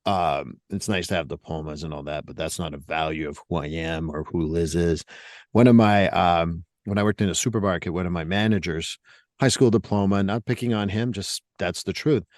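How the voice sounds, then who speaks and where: A man's voice: sits low, moderate pace, a little mellow, no echo, studio quality. A middle-aged man hosting a podcast, telling stories in a blunt, casual way and often repeating words. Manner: storytelling, blunt, repeats himself. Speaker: podcast host.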